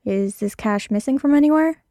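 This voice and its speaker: A woman's voice: high-pitched, normal speed, warm tone, no room sound, studio quality, voice pushed up, lightly acted. A woman voicing Hardison, a sarcastic, exasperated male hacker, in a read-aloud story. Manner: incredulous, complaining.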